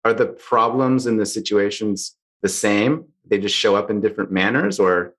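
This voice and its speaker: A man hosting a podcast interview, asking measured, thoughtful questions. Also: on the low side, fairly bright tone. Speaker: podcast host.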